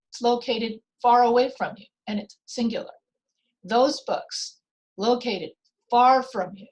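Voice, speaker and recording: A woman teaching a grammar lesson, explaining slowly and deliberately with repeated example sentences. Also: fairly high pitch, poor audio. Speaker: writing teacher.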